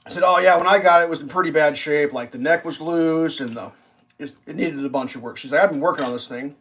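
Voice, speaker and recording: A man's voice: on the high side, fast, fairly bright tone. A man casually rambling through a story on a live stream, swearing freely and acting out what others said in a raised voice. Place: home kitchen while cooking.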